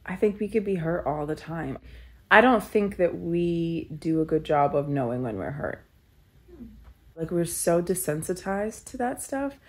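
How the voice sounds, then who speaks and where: A woman's voice: fairly low pitch, expressive, measured pace. A woman telling a candid personal story in an interview, earnest and reflective, with many filler "likes". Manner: tearful laughing when moved.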